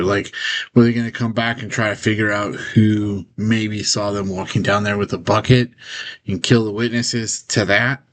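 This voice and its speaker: A man telling a rambling personal story straight to his own camera in a casual vlog, with many fillers and the odd nervous laugh. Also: on the low side.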